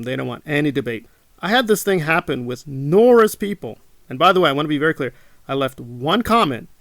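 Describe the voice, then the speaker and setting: A man's voice: on the high side, fairly bright tone, dry recording. A man hosting his own channel, talking indignantly to camera, repeating his points and mocking his critics. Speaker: channel host. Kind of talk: monologue to camera.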